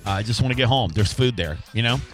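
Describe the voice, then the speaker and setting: A man's voice: fast, faint music behind. A man hosting a radio show, chatting casually with co-hosts, joking and laughing often. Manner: joking, laughs a lot, swings into high exclamations.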